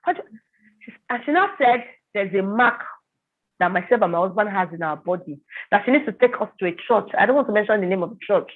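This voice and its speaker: A woman's voice: mid-range voice, animated, fast talker. A woman telling a personal testimony in an interview, acting out the voices of the people in it. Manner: vivid storytelling, acting out quoted voices. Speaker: guest telling her story. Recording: tinny phone-like sound.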